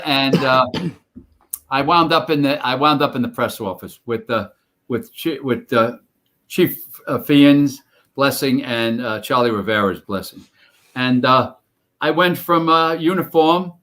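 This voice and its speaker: A man's voice: fairly high pitch, pushed and bright. An older man, a retired firefighter telling rambling stories on a podcast, full of fillers and restarts. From New York. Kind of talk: casual storytelling interview.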